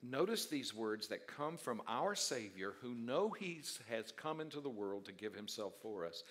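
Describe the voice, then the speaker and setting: A male pastor preaching a sermon, dropping to quiet asides and then rising to loud, drawn-out emphatic declarations. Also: mid-range voice, sing-song. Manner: stretches key words slowly for emphasis.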